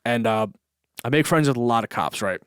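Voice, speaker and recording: A man's voice: mid-range voice, expressive, fairly quick, clean tone, no room sound. Rambling man, dry sound. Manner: rambling, swears a lot, many fillers. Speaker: podcast host. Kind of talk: casual storytelling monologue. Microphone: camera mic.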